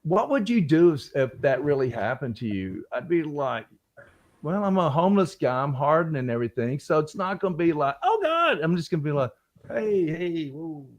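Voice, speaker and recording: A man's voice: a little high, lively intonation, a little fast, a little mellow. A man, an actor guest, telling anecdotes in casual chat and acting out the voices of people he quotes. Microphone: video call stream.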